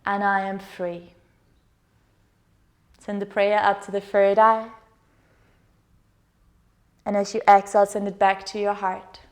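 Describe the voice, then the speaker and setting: A woman yoga teacher leading a guided meditation with slow, soothing, gentle instructions. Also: mid-range voice.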